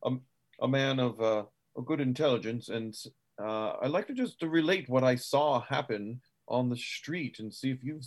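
A man voicing a curious, formal frontier gentleman who speaks in hesitant, genteel phrases. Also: medium pitch, normal speed, lightly acted. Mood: confiding.

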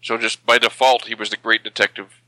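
A man's voice: lowish voice, little pitch movement, brisk, sharp tone, no echo, low-quality recording. A man co-hosting a casual podcast, playful and reassuring.

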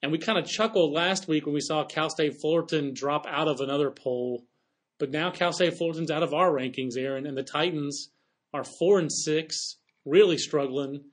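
Chatty sports podcast host, fairly high voice. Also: male voice. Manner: quick, chatty, playful asides. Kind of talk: casual sports chat.

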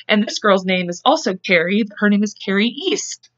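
A woman's voice: mid-range voice, expressive, normal speed, fairly bright tone, no room sound. Chatty swearing woman telling a crime story. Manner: chatty, swears freely, self-interrupting with asides. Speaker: podcast co-host. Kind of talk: casual true-crime storytelling. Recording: muffled lo-fi dry mic.

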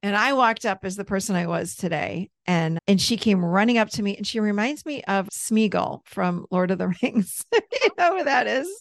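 A middle-aged woman, a therapist and coach, telling a personal story as a podcast guest in a candid, animated way, laughing easily and swearing freely. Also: mid-range voice, normal speed, no echo, studio quality. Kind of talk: casual storytelling in an interview.

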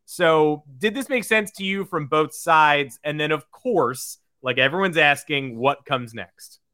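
A man's voice: a little high, unhurried, pushed and bright, dry recording, clean studio sound. A man co-hosting a sports podcast in upbeat casual talk, reading out listener questions. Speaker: podcast co-host.

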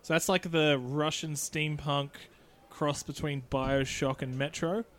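A man's voice: a little high, steady tone, measured pace, fairly bright tone. A man co-hosting a gaming podcast in casual chat, blunt and swearing freely. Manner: blunt, swears often, talks over others. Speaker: podcast co-host.

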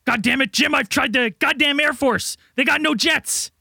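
Man playing a shrill, gravelly, blustering commander who swears nonstop, in a comedy bit. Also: normal speed, pushed and bright, no room sound, clean studio sound, exaggerated voice. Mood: frantic. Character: frantic shouting male American commander.

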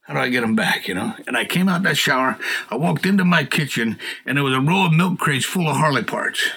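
A man's voice: on the high side, lively intonation, brisk, vocal fry, breathy edge. A middle-aged man earnestly telling a personal testimony in a folksy storyteller's way. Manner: earnest, folksy storyteller, rising to shouted appeals. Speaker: guest telling his testimony.

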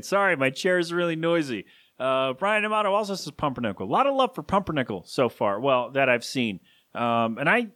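A man's voice: mid-range voice, fairly bright tone, dry recording. A man hosting a solo podcast from his home studio, rambling casually with self-deprecating asides. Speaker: podcast host.

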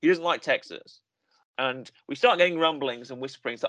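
A man co-hosting a wrestling review show, telling stories in a rambling, animated way with lots of repetition. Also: mid-range voice, a little fast, dry recording. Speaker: podcast co-host. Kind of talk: casual chat.

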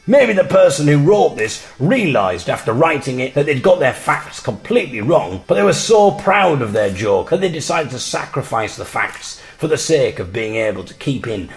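A man with an English accent recording a spoken audio diary in a hotel room, storytelling wryly and deadpan with mock-dramatic emphasis. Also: mid-range voice. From England. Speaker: folk musician and audio diarist. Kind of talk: casual spoken diary with dry humour.

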